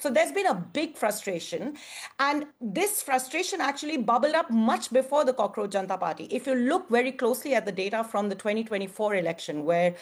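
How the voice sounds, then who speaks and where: Analytical woman from India on a panel. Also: on the high side. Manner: measured, analytical, with frequent fillers. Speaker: guest commentator. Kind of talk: panel discussion.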